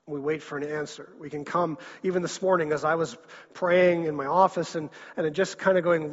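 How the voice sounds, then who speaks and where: A man preaching in a church hall, his slightly husky voice carrying a long reverb off the walls. He talks in an earnest way, doubling words as he presses a point. The sound is dull and lo-fi. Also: on the high side, steady tone, moderate pace. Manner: earnest, repeats words when stressing a point. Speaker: pastor. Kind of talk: sermon.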